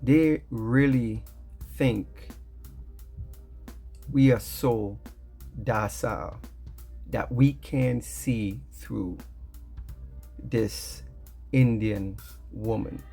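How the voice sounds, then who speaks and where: Very slow, gravelly-voiced man. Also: mid-range voice, warm tone, soft background music. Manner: slow, emphatic, drawn-out phrasing. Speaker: commentator. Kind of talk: slow commentary over music.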